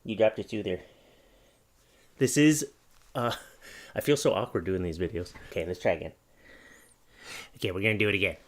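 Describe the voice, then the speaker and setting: A man's voice: low voice, moderate pace, pauses often. Playful man cooing at a baby. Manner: playful, talking gently to a baby. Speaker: YouTube host and new father. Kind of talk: casual home vlog chat. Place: home office. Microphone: studio microphone.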